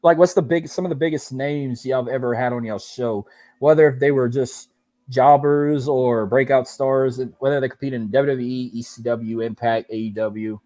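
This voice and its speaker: A man from Louisiana hosts a podcast chat, rambling and correcting himself as he goes. His voice is dark and mellow. The sound is dry and close. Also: mid-range voice, normal speed, no room sound. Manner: animated, rambling, self-correcting. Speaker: podcast host interviewing. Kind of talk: casual chat.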